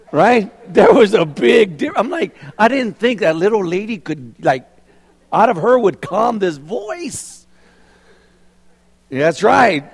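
A middle-aged man preaching a sermon as pastor, telling stories and asking the congregation questions. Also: on the high side. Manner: animated storytelling, rhetorical questions to the congregation. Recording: long reverb of a large hall.

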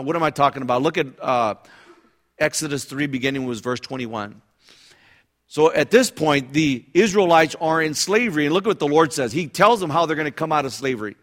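This male pastor preaches in a conversational, engaged style, often checking in with the congregation through asides and restarting his phrases. His voice is a little high and a bit bright, with an animated, brisk delivery.

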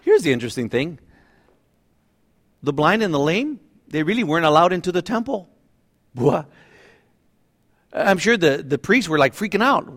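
Middle-aged guy pastor preaching, chatty and animated, slightly higher voice. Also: moderate pace, pauses often. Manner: conversational, animated preaching with laughs and acted-out voices. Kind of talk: sermon.

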